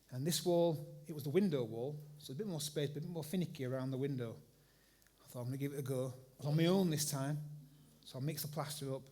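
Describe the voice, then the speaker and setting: A middle-aged man, preaching in a church and telling a rambling, animated story full of restarts. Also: medium pitch, slight background noise. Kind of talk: sermon story. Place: church hall with congregation.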